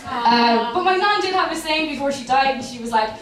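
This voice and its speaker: A woman's voice: high-pitched, normal speed, a bit bright, recorded from a distance. A young woman with a Kerry Irish accent performing a chatty, self-mocking stand-up set with plenty of swearing. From Ireland. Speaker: stand-up comedian. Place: comedy club stage. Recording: echoey club, mic heard from afar.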